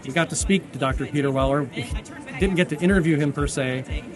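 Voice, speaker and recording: A man hosting a casual convention vlog, talking in an excitable, rambling and chatty way. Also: fairly high pitch, a little fast, a crowd in the background. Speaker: YouTube channel host. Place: busy convention hall.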